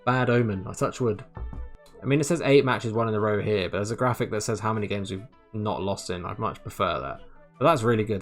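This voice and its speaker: A man giving casual, excitable commentary on a football management game, chatty and laughing often, sometimes tripping over his words. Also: fairly low pitch. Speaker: gaming YouTuber.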